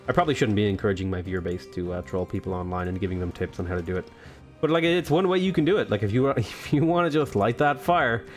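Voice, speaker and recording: A man hosting a casual let's play, rambling and joking with lots of fillers, with faint game music behind. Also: medium pitch. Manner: playful, jokey, rambling with many fillers. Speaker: gaming video host.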